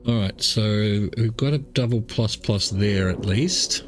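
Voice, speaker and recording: A man's voice: fairly low pitch, slow pace, over music. A man streaming a game, reading its text aloud and rambling through self-mocking asides. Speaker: gaming streamer.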